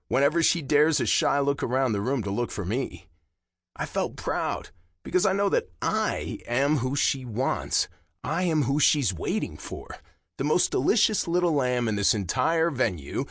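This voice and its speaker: A man narrating a romance audiobook in the first person, with a slow, low and intimate delivery. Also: fairly bright tone, no echo, clean studio sound.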